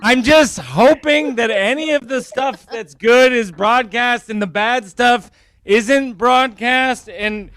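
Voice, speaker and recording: A man performing a stand-up comedy set, rambling and self-deprecating in a deadpan way. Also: extremely high pitch, takes it slowly, clean tone, dry recording. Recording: crowd laughter in background. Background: audience laughter.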